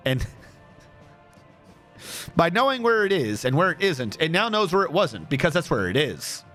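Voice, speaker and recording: A man's voice: on the high side, very animated, unhurried, pauses often, a bit bright, soft background music. A man streaming a game, chatting casually and telling a joking story with frequent laughter. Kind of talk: casual gaming stream chat.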